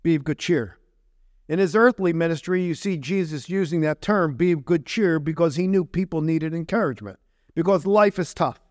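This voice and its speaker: A man pastor preaching a sermon in a conversational way, tossing rhetorical questions to his listeners. His voice sits fairly high for a man, and the sound is dry and close with little room echo. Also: normal speed, darkish tone.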